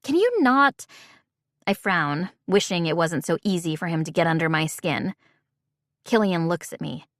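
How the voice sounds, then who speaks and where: A woman narrating a first-person audiobook in a wry, measured way. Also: low voice, fairly even intonation, no echo, clean studio sound.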